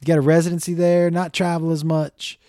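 A middle-aged man telling a profane, animated comic story in a stand-up style. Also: fairly high pitch, fairly quick, no room sound, clean studio sound. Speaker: comedian.

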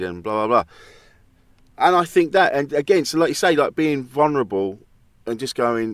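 A man's voice: mid-range voice, animated, moderate pace, a bit bright, no room sound. A man, a comedian and podcast guest, telling personal stories openly and often quoting himself. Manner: open, anecdotal, quotes himself often. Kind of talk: casual conversation.

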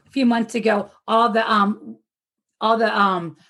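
A woman telling a story in a casual video-call chat, animated and laughing often as she talks. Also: mid-range voice, a little slow.

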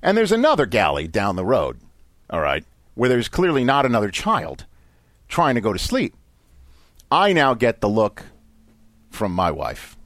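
A man's voice: fairly low pitch, a little slow, long pauses, no echo. Guy hosting a podcast, tells a story and acts out everyone in it, bone dry mic. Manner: animated, acts out the people in his story. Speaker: podcast host. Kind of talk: casual storytelling chat. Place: lives in Los Angeles.

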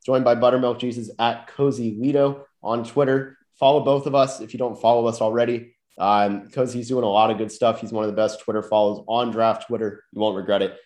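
In an echoey room, a podcast host with a mid-range, darkish, nasal voice from a lingering cold talks casually about basketball draft prospects. He speaks briskly with few pauses and fairly even intonation, yet he's hesitant and often repeats words as he begins his thoughts.

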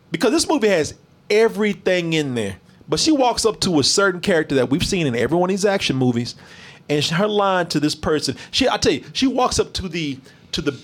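A man reviewing a movie in casual chat with a live stream, animated and profane, mocking bad lines. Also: high-pitched.

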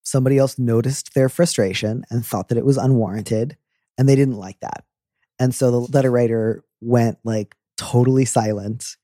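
A man's voice: mid-range voice, steady tone, mellow, no room sound, clean studio sound. A man hosting an advice show in a casual, joking chat. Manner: playful, joking, quick asides. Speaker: advice podcast host.

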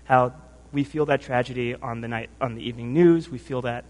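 A man's voice: medium pitch, a little fast, darkish tone. A male preacher delivers his sermon in a church hall, and his voice carries a long reverb. He sounds earnest and emotional, a little worn from lack of sleep. He restarts phrases often and keeps checking in with "right?".

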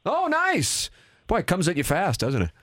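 A man's voice: high voice, wildly swooping pitch, normal speed, a bit bright, no room sound. A man hosts sports talk radio in a studio, upbeat and polite, laughing easily. His voice is close and dry, with no room sound.

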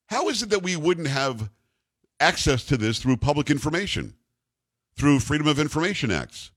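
A man's voice: a little high, very animated, normal speed, fairly bright tone, no room sound, studio quality. A man hosting a talk radio show, ranting indignantly and repeating the call-in number.

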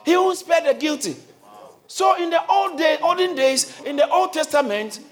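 A man preaching a sermon who often shouts and calls on the congregation to answer him, with listeners heard in the church. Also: extremely high pitch, lively intonation, normal speed.

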